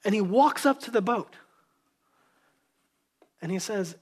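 A man pastor preaching a sermon in a church, telling the story conversationally, acting out voices and dropping to a hushed tone. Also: sits high, lively intonation, unhurried, pauses often, breathy edge.

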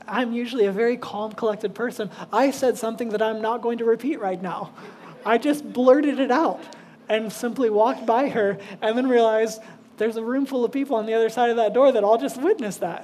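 A man's voice: very high voice, moderate pace, a little mellow, a little hiss or hum. Casual storytelling male pastor. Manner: casual, self-deprecating, frequent fillers. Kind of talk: sermon with personal storytelling.

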